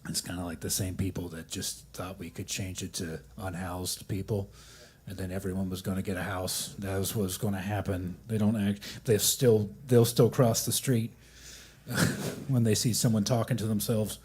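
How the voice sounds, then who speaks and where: A man's voice: deep voice, level tone, darkish tone, breathy edge. Rambling man doing open mic comedy. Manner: rambling, self-deprecating, halting with restarts. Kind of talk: stand-up comedy set. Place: coffee shop open mic.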